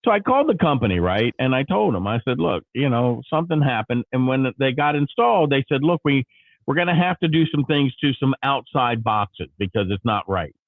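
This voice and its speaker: A man cohosting a casual morning show, telling a story with lively, animated delivery. His voice comes through thin and tinny, like a phone line. The sound is dry, with no room echo. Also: medium pitch, a little fast. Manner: animated storytelling, acting out his own anger. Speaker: show host.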